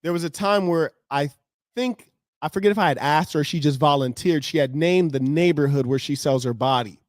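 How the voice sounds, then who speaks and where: A man's voice: on the high side, moderate pace, no room sound, clean studio sound. An American man streaming live, lecturing his viewers in a confrontational monologue. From United States.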